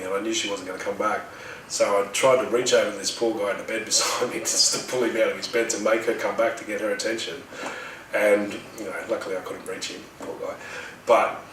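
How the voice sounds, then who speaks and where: Low-voiced man, roomy distant sound. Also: a little hiss or hum. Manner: animated retelling, acts out his own shouting. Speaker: guest telling his story. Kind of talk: casual storytelling.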